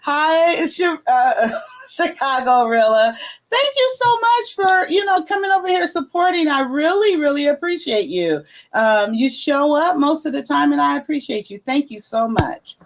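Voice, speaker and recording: A woman's voice: high-pitched, lively intonation, normal speed, low-quality recording. A woman hosting a casual group livestream chat, playful and teasing, laughing often. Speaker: livestream host.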